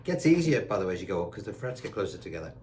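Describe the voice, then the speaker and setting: A man's voice: sits low, very animated, rapid-fire, darkish tone, a little hiss or hum. A man teaching a guitar lesson, chatty and reassuring, counting notes aloud while seated indoors. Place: indoors, seated on a squeaky chair.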